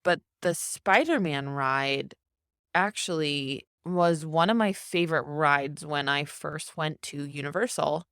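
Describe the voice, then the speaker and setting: Young woman, low voice, eager podcast co-host, dry sound. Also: slow, a bit bright, no echo. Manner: enthusiastic, talkative. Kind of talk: casual chat.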